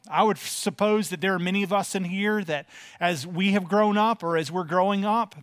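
A man in his forties delivers a sermon in a loose, folksy manner, peppering his talk with uhs. His voice sits high for a man. The sound is dry and close, with little room around it. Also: fairly bright tone, no room sound. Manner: conversational, folksy, with frequent filler uhs. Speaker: pastor. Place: church.

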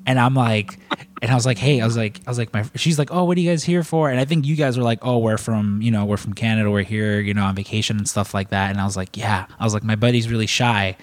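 A man's voice: fairly low pitch, fairly even intonation, fast talker, no echo. A man casually telling long stories in a chat, rambling with lots of restarts and cursing freely.

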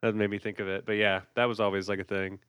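A man's voice: on the low side, flat delivery, quick pace, fairly bright tone, clear, resonant tone, dry recording, studio quality. A young man co-hosting a casual podcast, talking loosely with lots of fillers. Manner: laid-back, lots of fillers and laughs. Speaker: podcast co-host. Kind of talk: casual chat.

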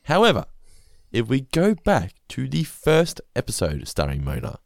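A man hosting a podcast who recaps an episode in a lively, jokey casual chat and swears freely. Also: medium pitch, normal speed, gravelly, no echo, studio quality. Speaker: podcast host.

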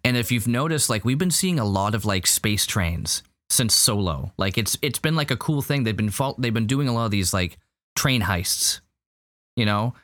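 Low-voiced rambling man, dry close mic. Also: animated, normal speed, a bit bright, no room sound. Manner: rambling, full of fillers and restarts. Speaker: podcast co-host. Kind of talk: casual review chat.

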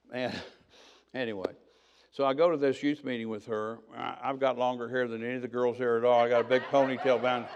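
Older guy preaching his testimony, chatty storyteller, acts out the quotes. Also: medium pitch. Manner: conversational storytelling, acting out quoted dialogue. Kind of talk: sermon testimony.

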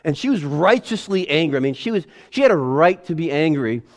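A man in his forties preaches a sermon in a relaxed, chatty way. His voice sits a little high. He acts out family scenes with lively animation. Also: a little fast. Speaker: pastor. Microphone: headset or lapel mic.

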